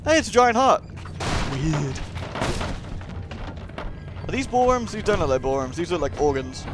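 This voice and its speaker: A man giving casual, joking commentary while playing a video game, excitable and crude. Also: fairly high pitch, measured pace, noisy background. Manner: jokey, excitable, crude humour. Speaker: let's play host.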